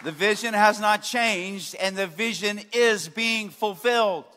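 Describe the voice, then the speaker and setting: A pastor in his forties preaching to his congregation with passion. His voice sits high for a man and sounds bright and forceful. He swings from loud emphatic peaks to quieter, lower asides, and a long hall reverb trails his words. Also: measured pace, a faint crowd. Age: 40s. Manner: impassioned preaching, rising to loud emphasis then dropping low. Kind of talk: sermon.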